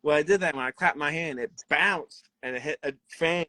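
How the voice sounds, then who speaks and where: Young male wrestler guest, rambling animated storyteller, bright tense voice, dry close sound. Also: on the high side, normal speed, no room sound. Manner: rambling, animated, laughs often, acts out quotes. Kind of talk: casual interview storytelling.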